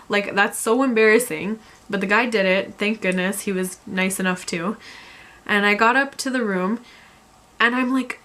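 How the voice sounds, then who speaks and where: A young woman telling a storytime vlog in an exasperated, animated way. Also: mid-range voice. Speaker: vlogger.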